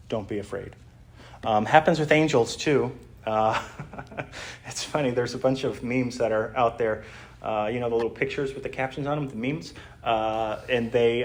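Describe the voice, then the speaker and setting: Male pastor, mid-pitch, unhurried explanatory sermon delivery with plenty of "uh"s, middle-aged. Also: a little mellow. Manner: conversational, explanatory, frequent "uh" fillers. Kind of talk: sermon teaching.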